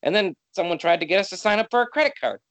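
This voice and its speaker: A man's voice: sits high, lively intonation, rapid-fire, a bit bright, dry recording. A man from Canada co-hosting a podcast, chatting casually and ranting with exasperation. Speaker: podcast co-host. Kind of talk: casual chat.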